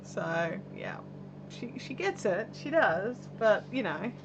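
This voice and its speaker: Crocheting at home, a middle-aged Australian woman hosts a live stream, rambling casually and reading viewer comments aloud. Her medium-pitched voice swings widely in pitch and moves slowly. The camera mic gives dull audio with background noise.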